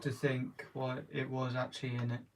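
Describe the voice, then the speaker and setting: A British man co-hosting a home live stream, reading chat messages aloud in a dry, low-key way. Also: monotone, normal speed. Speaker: co-host reading chat comments. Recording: home live-stream audio with clear hiss.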